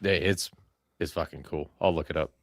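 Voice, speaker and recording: A man's voice: a bass voice, fairly even intonation, moderate pace, no room sound, studio quality. A man co-hosting a casual podcast, talking loosely and swearing freely. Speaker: podcast co-host. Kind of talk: casual chat.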